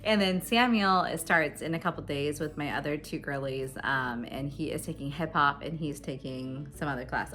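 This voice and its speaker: A woman's voice: low voice, a bit bright. A woman in her thirties chatting casually to camera as a homeschooling mom, laughing often between her fillers. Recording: faint music behind. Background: faint background music.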